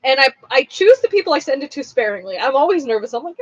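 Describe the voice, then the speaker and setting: A woman's voice: high voice, sing-song, quick pace, no room sound, lo-fi sound. A woman who owns a craft shop, chatting casually on a livestream while she packs orders, rambling and blunt.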